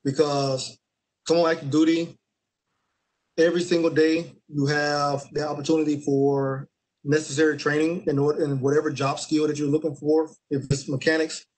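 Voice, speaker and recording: A young man, an Army staff sergeant, answering interview questions in a relaxed way with many fillers and restarts. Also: fairly high pitch, moderate pace, poor audio.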